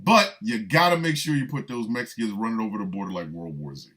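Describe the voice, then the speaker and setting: A man's voice: lowish voice, lively intonation, quick pace, a bit bright. A man delivering a comic monologue, riffing with repeated lines and mock-incredulous asides. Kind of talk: comedic monologue.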